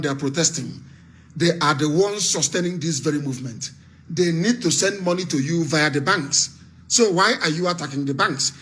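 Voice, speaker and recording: Man, Nigerian accent, radio address, fiery, repetitive, high voice, bright and forceful. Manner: fiery and repetitive, barking orders. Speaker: political activist broadcasting on radio.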